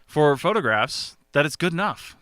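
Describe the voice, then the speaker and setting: A man's voice: on the high side, big pitch swings, normal speed, a bit bright, dry recording, studio quality. A man hosting a casual podcast, rambling with many ums and restarts. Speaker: podcast host.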